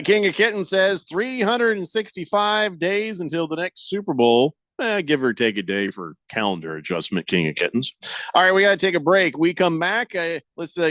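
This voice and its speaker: Dude hosting sports radio, kinda high voice, dry close mic, jokey wry delivery. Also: male voice, fairly bright tone, no room sound. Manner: wry, joking storyteller, reads listener messages.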